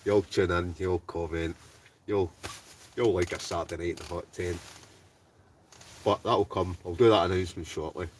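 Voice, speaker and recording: Scottish male host, deep voice, upbeat live chat from a camping tent, mic a bit distant with faint hiss. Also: steady tone, moderate pace, long pauses. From Scotland. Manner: chatty and upbeat, greets viewers by name. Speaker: wild camping livestreamer. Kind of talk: casual livestream chat, reading out viewer comments. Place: hot tent outdoors behind his house.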